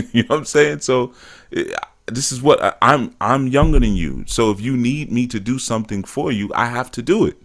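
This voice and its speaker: A middle-aged spiritual teacher with a medium-pitched, expressive voice hosts his show at a normal speed. The casual monologue is loose storytelling thick with "man" and "you know," where he voices quotes and occasionally grows emphatic.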